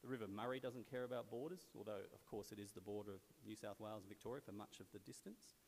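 A man's voice: lowish voice, steady tone, fast, gravelly, darkish tone. A man in his forties with an Australian accent, giving a wry, anecdotal speech to a club gathering in a large venue, loosely conversational with plenty of fillers. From South Australia. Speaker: guest speaker at a club luncheon. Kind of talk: anecdotal after-dinner speech. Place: large event venue in a sports stadium. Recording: long hall reverb, faint hiss.

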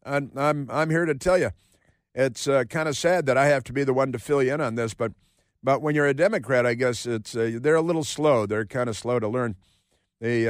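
A man's voice: medium pitch, no echo, studio quality. Sarcastic rambling male radio host. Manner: sarcastic, rambling, with many filler words. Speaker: radio talk show host. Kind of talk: talk radio monologue. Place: radio studio.

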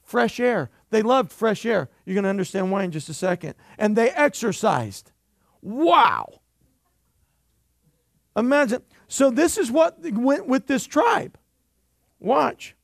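A man's voice: very high-pitched, sing-song, takes it slowly, creaky, no room sound, studio quality. A male pastor preaching a sermon in church, emphatic and jokey, calling for amens from the congregation.

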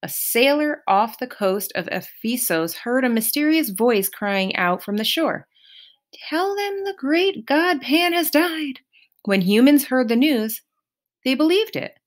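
A woman voicing an anxious, earnest young male satyr with a raised, pleading voice, in a slow, lively storybook reading. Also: sits high, pitched above the performer's own voice.

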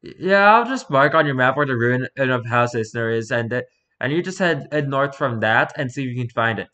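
A man's voice: medium pitch, animated, a little fast, bright, forceful tone. A man reading online posts aloud as a streamer, with sarcastic, mocking asides in casual commentary. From Pacific Northwest.

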